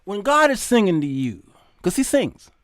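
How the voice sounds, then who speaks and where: A middle-aged man hosting his show, telling stories in a preachy, animated sermon style and quoting God in a stern voice. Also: high voice, moderate pace, no echo, studio quality. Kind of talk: sermon-like storytelling monologue.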